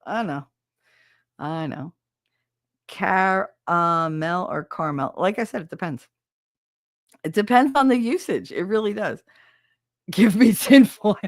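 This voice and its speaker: A woman's voice: medium pitch, expressive, a little slow, pauses often, a little mellow, no room sound, studio quality. Chatty, foul-mouthed woman podcast host. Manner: swears freely and laughs often; chatty and self-mocking. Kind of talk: casual live chat with viewers.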